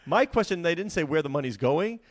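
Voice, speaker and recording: A man co-hosting a sports business podcast, talking in an animated, emphatic way and repeating words for stress. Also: on the high side, fairly quick. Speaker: podcast co-host. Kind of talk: casual sports business chat.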